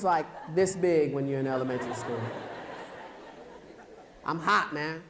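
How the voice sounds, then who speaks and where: A lively male speaker addresses a high school assembly, telling a story from his childhood with great energy. He punctuates it with sound effects and call-and-response questions, swinging from hushed moments to loud bursts. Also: unhurried, slight background noise. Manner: animated storyteller who acts out scenes, makes sound effects and quizzes the crowd. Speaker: motivational speaker. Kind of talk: motivational school assembly speech.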